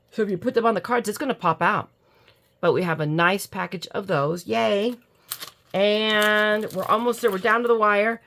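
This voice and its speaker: Her voice is fairly low but fairly bright in tone: she's a middle-aged American crafting YouTuber unboxing crafts while groggy from allergy medicine. She chats casually and gushes, mocking herself and yawning along the way.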